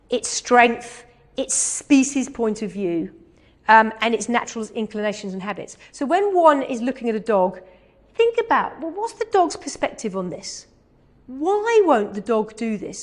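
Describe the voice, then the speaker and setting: A woman from England telling an animated anecdote in a talk, dropping to slow, hushed asides when quoting. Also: on the high side. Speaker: animal communicator giving a talk.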